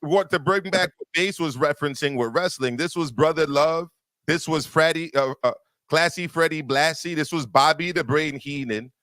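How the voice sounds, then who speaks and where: A man's voice: on the high side, moderate pace, bright, forceful tone, no echo. A man hosting a boxing talk show, arguing emphatically and repeating words as he builds his point. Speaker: boxing podcast host. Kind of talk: opinionated casual discussion.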